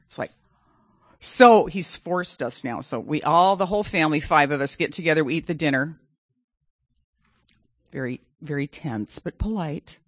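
A woman's voice: deep voice, normal speed, pauses often, dry recording. A middle-aged woman telling a personal story in a dramatic, self-mocking way.

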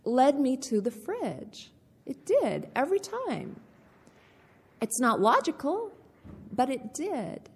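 A woman sharing her recovery story in a candid, deliberate way, often repeating key phrases. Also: high voice, a little hiss or hum. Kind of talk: personal testimony talk. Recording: echoey hall with long reverb.

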